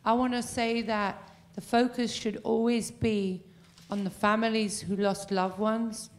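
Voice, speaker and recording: A woman in the audience speaking up as a local resident, heartfelt and halting, with pauses and fillers. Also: on the high side, little pitch movement. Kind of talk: question from the floor.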